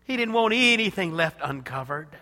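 Impassioned preacher in a reverberant hall. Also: male voice, high voice, expressive, normal speed. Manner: impassioned, swinging from hushed to loud. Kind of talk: sermon.

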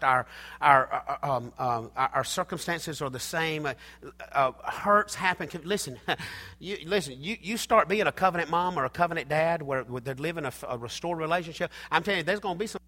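A man's voice: a little high, moderate pace, bright, forceful tone, in a large hall. A man preaching a sermon, emphatic and repetitive, calling out to his congregation from a church. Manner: emphatic preaching, repeats phrases, calls out to the congregation. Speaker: pastor. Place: church hall.

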